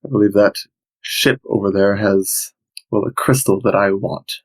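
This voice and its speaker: A man's voice: on the low side, measured pace, rough recording. A man playing a male ship captain who politely asks for help. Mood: requesting. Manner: polite, asking favors.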